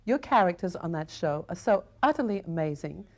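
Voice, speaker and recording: A woman's voice: on the low side, expressive, a little fast. A middle-aged woman hosting an interview, asking questions in an admiring, chatty way. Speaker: interviewer host. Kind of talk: casual interview.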